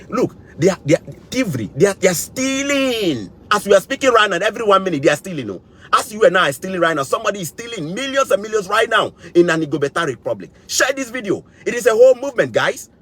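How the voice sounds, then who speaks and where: Young man, fervent to-camera monologue with big swings in pitch. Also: fairly bright tone, slightly rough. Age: young adult. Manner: fervent, repeats phrases for emphasis, rallying. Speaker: vlogger.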